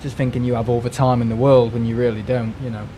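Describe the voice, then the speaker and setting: A man talking off the cuff on a live stream, voice sitting at an ordinary middle pitch. He rambles, trips over and repeats his words, and swears as he vents. A faint air-conditioning hum runs underneath. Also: little pitch movement, fast, dark tone. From United Kingdom. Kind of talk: casual ranting chat.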